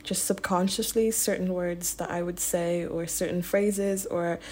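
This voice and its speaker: A young woman from Nigeria who grew up in Ireland, with a soft Irish accent tinged with British, chatting reflectively on a podcast with many ums. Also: on the low side, fairly even intonation, unhurried, slight background noise. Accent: Irish, mixed with some British. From Nigeria, raised in Ireland. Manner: reflective, with frequent ums and restarts. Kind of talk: casual podcast chat.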